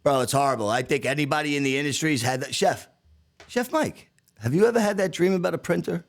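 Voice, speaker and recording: A man from Staten Island, a chef and podcast co-host, telling kitchen stories in a profane, laughing, animated way. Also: fairly high pitch, fast, creaky. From Staten Island, New York. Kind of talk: casual podcast chat.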